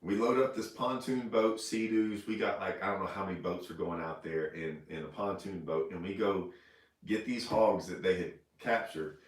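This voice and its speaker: A man's voice: deep voice, fairly even intonation, moderate pace, distant mic. A man telling a rambling, laughing story on a casual livestream, recorded in an echoey room away from the mic. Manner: rambling, laughing, repeats himself. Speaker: fishing show host. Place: indoors, house room.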